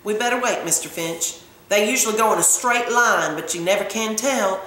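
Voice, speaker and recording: A woman voicing a middle-aged male country sheriff, low and matter-of-fact, in a very echoey room. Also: moderate pace, fairly bright tone, close to an everyday voice.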